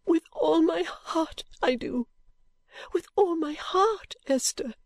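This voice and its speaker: Woman doing a shy young girl, soft and whispery, dry close sound. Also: mid-range voice, measured pace, slightly rough, no echo. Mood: tearful. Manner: soft and bashful, often whispery.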